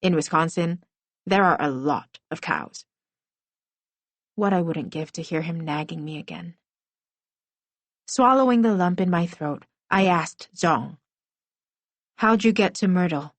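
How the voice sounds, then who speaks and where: A woman's voice: on the low side, animated, a little slow, long pauses, no echo. A woman reading a first-person middle-grade novel aloud as an audiobook narrator, telling it expressively.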